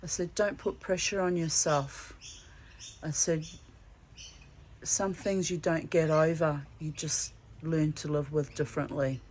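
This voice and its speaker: A woman's voice: deep voice, fairly even intonation, measured pace, darkish tone, poor audio. A woman telling a personal story in a casual vlog, earthy and swearing freely, calling people darling. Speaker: vlogger. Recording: faint background noise.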